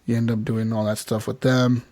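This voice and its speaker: A man co-hosts a casual podcast, swearing and laughing as he retells scenes with quoted dialogue. His mid-range voice is brisk and darkish in tone, with little pitch movement, and the recording is dry.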